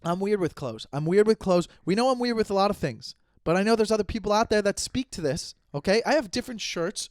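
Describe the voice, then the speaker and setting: Animated man in his thirties ranting. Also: high-pitched, quick pace, few pauses, no echo, studio quality. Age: 30s. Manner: animated, exasperated, repeats and restarts himself. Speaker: podcast host. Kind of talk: solo comedic podcast rant.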